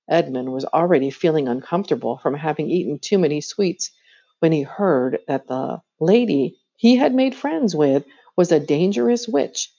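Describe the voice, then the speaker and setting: A woman reading a children's story aloud with expressive, animated narration. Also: deep voice, breathy edge. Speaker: audiobook reader. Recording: dull lo-fi recording.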